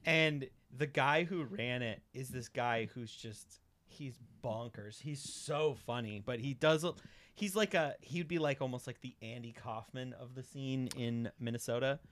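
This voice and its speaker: Bright-voiced excitable man. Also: medium pitch, measured pace. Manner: excitable, laughs often. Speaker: comedian guest. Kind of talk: casual chat.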